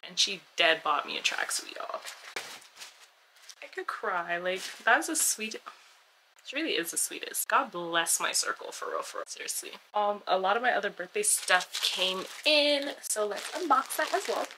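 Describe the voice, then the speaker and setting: A young woman vlogging casually, chatty and expressive with lots of slang. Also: medium pitch, normal speed, a little hiss or hum, low-quality recording. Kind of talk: casual vlog chat.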